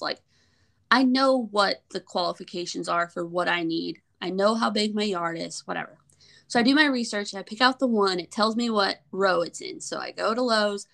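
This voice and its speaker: A young woman co-hosting a podcast, telling a story in an animated, exasperated way. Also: mid-range voice, vocal fry. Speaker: podcast co-host. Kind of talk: storytelling in casual chat.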